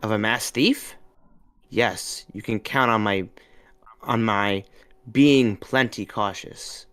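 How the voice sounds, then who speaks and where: A stern, gruff warrior, read by a man in a podcast story reading, clipped and impatient. The voice stays close to an everyday man's, only a bit raised and firm. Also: on the low side, takes it slowly, a bit bright. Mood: wry.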